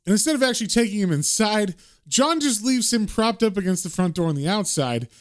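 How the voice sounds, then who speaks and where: A man with a fairly high voice recaps a comic book in casual, chatty narration. He tells the story in a relaxed, conversational way, as if talking to friends. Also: fairly quick.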